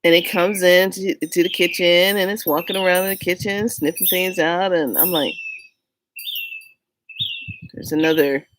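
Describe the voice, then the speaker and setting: Casual vlogger woman, lower-pitched voice, lively storyteller, faint birdsong behind. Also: fairly quick, hardly any pauses, slight background noise, rough recording. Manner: animated, laughing often, acts out quotes.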